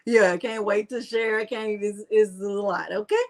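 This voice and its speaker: A woman's voice: medium pitch, fairly even intonation, takes it slowly. A middle-aged woman hosting a crafting livestream, chatting casually and playfully as she calls out viewers by name. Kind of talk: casual live-stream chat.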